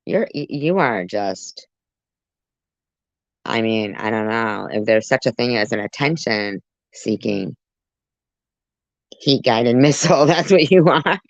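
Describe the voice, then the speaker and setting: A woman's voice: rumbling low, animated, slow, long pauses, no echo. A woman hosting a reaction commentary, talking back at a clip with sarcastic, mocking asides. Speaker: commentary channel host. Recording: muffled lo-fi audio.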